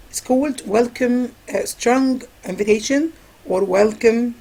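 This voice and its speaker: A woman's voice: on the high side, a little slow, warm tone, slightly rough, poor audio. A woman whose first language is Arabic, teaching an English grammar review lesson and answering her own questions. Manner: asks questions and answers them herself, repeats key words.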